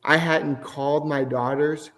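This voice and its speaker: A man's voice: a little high, fairly even intonation, a little slow, fairly bright tone. A middle-aged man, a podcast guest, telling his personal faith testimony in an earnest, emotional way. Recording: long hall reverb.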